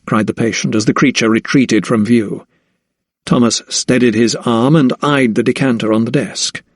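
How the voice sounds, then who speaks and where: A man narrating an audiobook in a measured storytelling manner. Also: mid-range voice, fairly even intonation, no echo, clean studio sound. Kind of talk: scripted narration.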